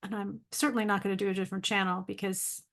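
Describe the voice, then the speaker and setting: A woman's voice: medium pitch, flat delivery, fast, vocal fry, fairly bright tone. A middle-aged woman, a native English speaker, talking casually to camera in a video diary, chatty and self-deprecating with frequent ums. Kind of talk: casual vlog monologue.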